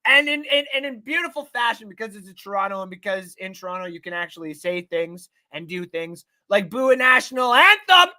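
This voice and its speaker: A man hosting a casual live-stream sports talk show, swearing often, rambling excitedly and reading out viewer comments. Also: sits high, a little fast, few pauses. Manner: reads out and thanks chat viewers.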